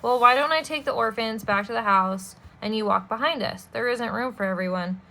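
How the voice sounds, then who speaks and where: A woman voicing a scheming male villain who fakes grief, speaking in a high, fluttery, falsely polite voice. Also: brisk, vocal fry, sharp tone. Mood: sly.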